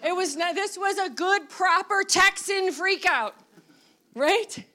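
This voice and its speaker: A woman with a high voice preaching a sermon. She talks conversationally, with fillers and the odd laugh, then builds into animated, emphatic bursts. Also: slow.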